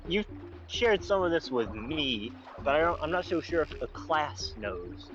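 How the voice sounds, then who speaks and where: A man with a slightly higher voice prods his friend with dry questions. His mic sounds a bit dull. Loud game music plays behind him. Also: big pitch swings, unhurried. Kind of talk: casual gameplay chat.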